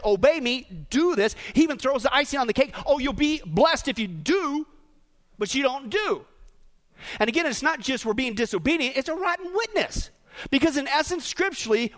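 A man delivers a sermon with a high, lively voice that leaps up and down in pitch. He acts out mocking voices of rude servants, then drops low and quiet for emphasis. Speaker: pastor.

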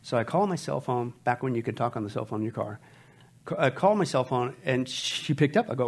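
A middle-aged male pastor preaching a sermon, telling stories with quoted dialogue and loud emphatic rises. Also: fairly quick, husky. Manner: animated, loud emphatic delivery with sharp rises in pitch; storytelling with quoted dialogue, dropping to soft asides.

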